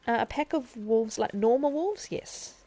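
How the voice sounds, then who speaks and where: A woman's voice: fairly high pitch, a little slow, dark tone. A woman streaming a video game live, chattily explaining the controls and thinking aloud as she plays. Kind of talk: casual live-stream gameplay tutorial.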